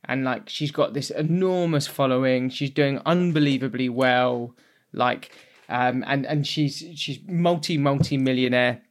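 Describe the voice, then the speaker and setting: A man's voice: mid-range voice, a little slow. A young man co-hosting a podcast, telling anecdotes in casual chat and laughing often. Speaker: podcast co-host.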